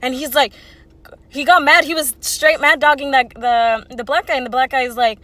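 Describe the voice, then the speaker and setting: A woman's voice: high voice, steady tone, moderate pace, fairly bright tone, dry recording. A woman in her twenties telling a casual storytime, rambling and swearing freely with lots of "like". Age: 20s. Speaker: vlogger.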